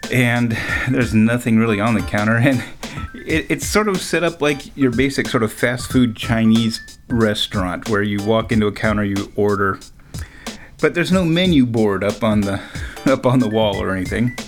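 A man telling a personal story in a relaxed way, chuckling often between lines. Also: fairly low pitch, normal speed, soft background music. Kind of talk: storytelling anecdote.

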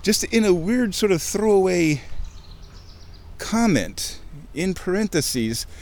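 Excitable man rambling on a creek walk. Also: high-pitched, slow pace. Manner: excitable, self-interrupting, swears casually. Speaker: vlogger. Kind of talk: rambling casual monologue. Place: outdoors, walking by a creek.

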